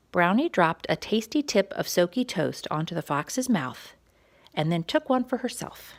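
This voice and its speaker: A woman reading a quiet story time picture book aloud for young children, gentle and expressive. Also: fairly low pitch, normal speed.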